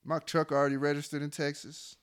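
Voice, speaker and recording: A young man in casual chat, laid-back and slangy, often trailing off into a quiet mumble. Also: a little high, little pitch movement, brisk, clean tone.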